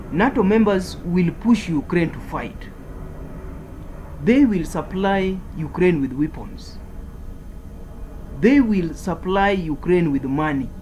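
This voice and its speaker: A man's voice: on the high side, a little mellow, a little hiss or hum, rough recording. A man giving a political commentary monologue, speaking in an emphatic, repetitive way as he declares and warns.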